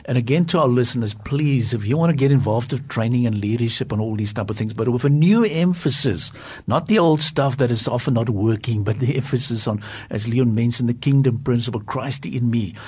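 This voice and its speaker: A man with a husky, slightly breathy voice hosts a talk program and eagerly puts questions to his guests. He is quick to cheer their answers before moving the discussion along. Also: mid-range voice, darkish tone. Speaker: program host. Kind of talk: hosted Christian leadership discussion.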